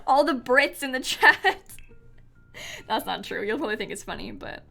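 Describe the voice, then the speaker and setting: A woman's voice: a little high, very animated, normal speed, gravelly, a bit bright. A young woman chatting casually on a live stream while playing a game, giggling often and thanking viewers from chat. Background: faint music.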